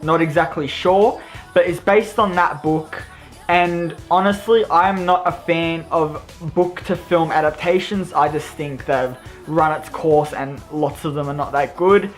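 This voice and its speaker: A man's voice: fairly high pitch, fairly even intonation, unhurried. A young Australian man giving an enthusiastic, rambling movie review in a casual vlog, with faint music behind him. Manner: enthusiastic, rambling, self-deprecating.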